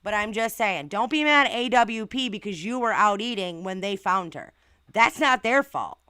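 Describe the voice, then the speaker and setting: A woman's voice: mid-range voice, animated, moderate pace, sharp tone, smooth, no echo, clean studio sound. A woman hosting a casual livestream who reads viewer comments and reacts in an outspoken, indignant way with rhetorical questions. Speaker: channel host reading viewer comments.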